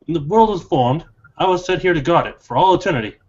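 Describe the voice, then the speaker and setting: A man's voice: fairly high pitch, lively intonation, quick pace, darkish tone, slightly rough. A man voicing a courteous male desert snake guardian during a tabletop game. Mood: polite. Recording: dull lo-fi recording.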